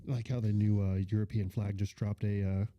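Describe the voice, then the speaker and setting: A man's voice: lowish voice, level tone, a little fast, warm tone, muffled recording. A man co-hosting a podcast, chiming in with dry, brief remarks. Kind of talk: casual chat.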